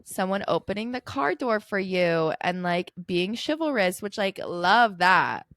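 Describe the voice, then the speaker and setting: A woman's voice: mid-range voice, lively intonation, measured pace, fairly bright tone, dry recording. Young woman podcast co-host with a mid-range voice, chatty and self-mocking, recorded dry. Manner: chatty and self-deprecating, heavy on "like". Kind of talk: casual chat.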